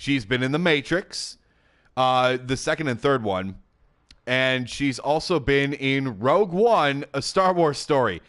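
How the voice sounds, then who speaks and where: A chatty man hosts a casual gaming commentary, speaking at a mid pitch into a headset mic. He sounds excitable and loose, with plenty of laughs and filler words. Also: unhurried. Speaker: gaming YouTube host.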